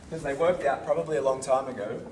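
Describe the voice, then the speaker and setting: Demonstrating moves and checking in with his group, a karate instructor teaches a seminar in an echoey hall, recorded from afar with slight background noise. He speaks quickly at medium pitch with a darkish tone.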